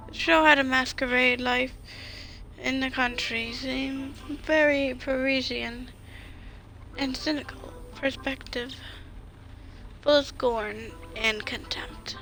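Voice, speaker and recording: A woman's voice: high-pitched, fairly even intonation, takes it slowly, pushed and bright, a little hiss or hum, rough recording. A woman streamer reading a story game's narration aloud, with chatty asides.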